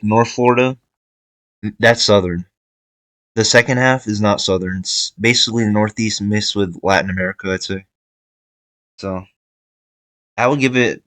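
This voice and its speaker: A man's voice: lowish voice, a bit bright, no room sound, low-quality recording. A young man giving casual tier-list commentary, thinking aloud with fillers and restarts. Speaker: video creator ranking states.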